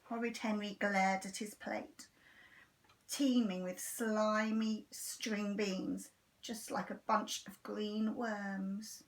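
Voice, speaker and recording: A teacher reading a children's storybook aloud with a lively, expressive delivery. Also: female voice, mid-range voice, slow pace, far from the mic.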